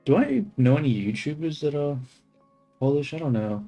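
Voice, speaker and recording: A man's voice: on the high side, very animated, moderate pace, warm tone, faint music behind. A young man streaming his 3D modeling work, thinking aloud in casual chatter, trailing off and correcting himself as he goes. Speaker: livestreamer doing 3D modeling.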